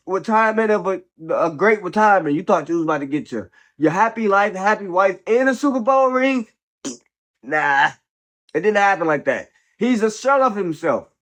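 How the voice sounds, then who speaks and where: A man's voice: high-pitched, a bit bright. A man hosting a casual football commentary show, blunt and opinionated, slangy and profane, tossing in "bro" and "man" often, while a little sick. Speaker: host of a football commentary channel.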